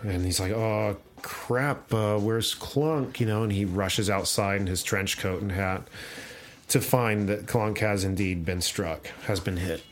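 A man's voice: low-pitched, moderate pace. A male podcast host chatting casually and retelling a comic, acting out the characters as he goes. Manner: animated storyteller, acts out voices.

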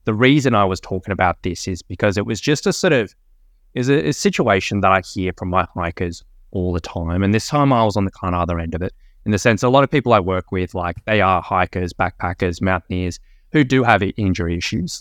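Australian male guest, low-pitched, quick, dry close sound. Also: no echo. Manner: fast, enthusiastic storytelling with many fillers. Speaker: guest, personal trainer. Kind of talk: casual podcast chat.

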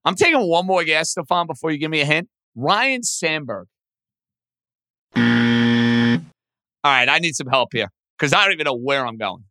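A sports radio host thinks out loud through trivia questions at a moderate pace, with long pauses, his bright, forceful voice swinging freely in pitch. He's animated and casual, poking fun at himself. The recording is close and dry, with no room sound.

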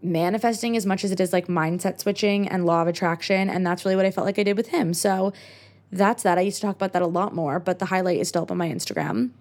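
A woman's voice: fairly low pitch, fast talker, darkish tone. A young American woman in her twenties hosting a podcast, chatting casually on her own and filling her talk with "like". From United States. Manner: chatty, many "like" fillers. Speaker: podcast host. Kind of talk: casual solo chat.

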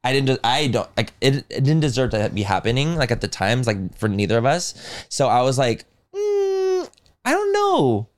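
A man's voice: mid-range voice, a little fast. A young man hosting a podcast, talking frankly and animatedly with lots of fillers. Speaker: podcast host. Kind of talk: casual podcast chat.

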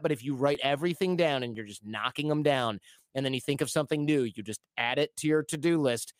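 Man in his thirties, podcast guest, lively storyteller who acts out voices, mid pitch, dry close sound. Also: quick pace, dry recording. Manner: animated, acts out quoted voices. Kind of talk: casual storytelling.

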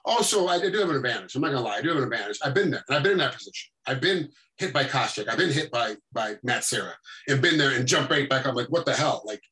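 A middle-aged man, a combat sports referee, telling animated stories in a casual chat and acting out what people said. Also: medium pitch, fast talker, poor audio. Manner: animated storytelling, acting out quotes. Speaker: MMA referee, guest.

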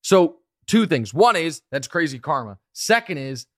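A man in his thirties hosting a casual podcast, telling stories with quick asides. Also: on the high side, dry recording, studio quality. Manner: animated storyteller, quick asides. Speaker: podcast host.

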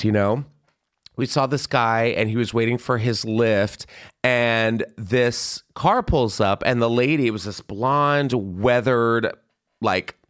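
A young man telling a story in a casual podcast chat, animated and gossipy, jumping into high squealing voices when he quotes people. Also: clean tone. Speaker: podcast host.

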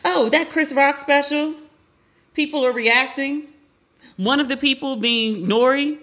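A woman in her forties with a bright, sharp tone, talking casually as a show host. She is candid and chatty, swears freely and slips into the voices of the people she quotes. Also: high-pitched, measured pace. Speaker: podcast host. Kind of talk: casual pop-culture commentary.

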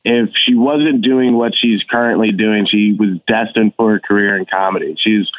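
A man's voice: fairly low pitch, fairly even intonation, normal speed, no echo. A man joining a casual podcast chat as a guest, teasing and affectionate as he talks about his sister. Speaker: guest, brother of co-host. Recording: tinny phone line.

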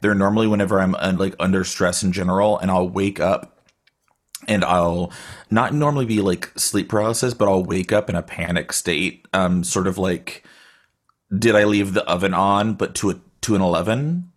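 Deep-voiced man rambling through a story. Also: normal speed. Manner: rambling, filler-heavy, frequent "like". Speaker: guest storyteller. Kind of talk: casual storytelling. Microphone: video call.

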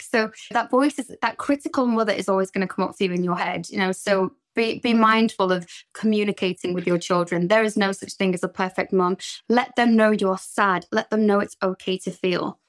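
A woman co-hosting a podcast, speaking candidly and reflectively about parenting, lively when she quotes others. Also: medium pitch, moderate pace. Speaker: podcast co-host, therapist. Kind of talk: casual podcast chat.

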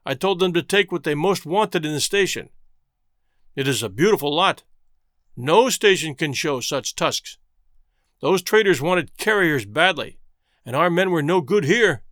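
A calm, impassive station clerk, as a male storyteller puts him on. He speaks evenly and with weight, his pitch rising and falling freely, and the recording is close and dry. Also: unhurried, no echo. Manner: pleads, then speaks evenly and impressively.

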